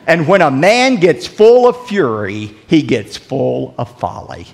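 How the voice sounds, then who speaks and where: A pastor delivering a sermon with dramatic swings in loudness and emphasis. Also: male voice, sing-song, slow, vocal fry, big-room sound. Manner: dramatic preaching with big swings in pitch and volume.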